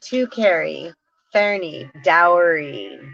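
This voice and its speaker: A woman hosting a casual metaphysical talk, reading long word lists aloud slowly and giggling between them. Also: on the low side, expressive, vocal fry, a bit bright, dull audio, a little hiss or hum. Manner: slow, drawn-out word reading with frequent giggles. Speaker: spiritual channel host.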